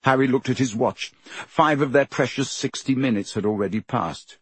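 A man narrating a storybook in a steady, measured reading. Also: medium pitch, slightly rough, dry recording. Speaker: audiobook narrator.

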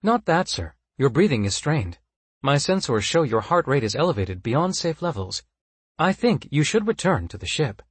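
A man doing a monotone android assistant. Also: a little high, normal speed, breathy edge, no room sound, pitched above the performer's own voice. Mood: clinical. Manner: flat, polite, even. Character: calm monotone android assistant, genderless machine.

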